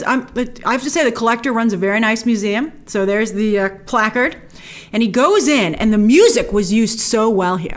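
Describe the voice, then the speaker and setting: Excited chatty woman show host. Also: fairly high pitch. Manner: excited, chatty, quotes characters with little voices. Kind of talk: casual episode breakdown and review.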